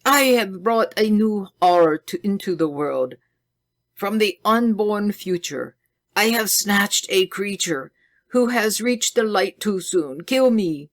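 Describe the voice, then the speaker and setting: A woman's voice: fairly low pitch, sing-song, slow pace, voice pushed up. A woman voicing an agitated older male scientist with a German accent, crying out in distress. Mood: anguished.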